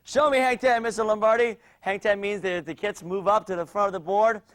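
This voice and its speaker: Teaching children martial arts in a studio, this man calls out drills with lively energy. He has a high-pitched voice and talks a little fast.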